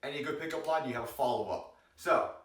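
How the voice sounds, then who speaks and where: In a jokey vlog, a man with a mid-range voice rattles through self-defense moves at a fast clip, naming each strike as he shows it. He's playful and energetic, cracking jokes while he explains. The audio is roomy and noisy, picked up by a distant mic.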